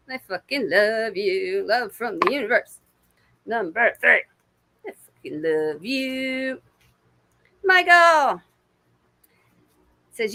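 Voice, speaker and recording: Sitting on her couch at home, a woman does casual intuitive readings on a livestream, chatting away and swearing freely. Her voice sits high and is bright and forceful, delivered slowly with long pauses.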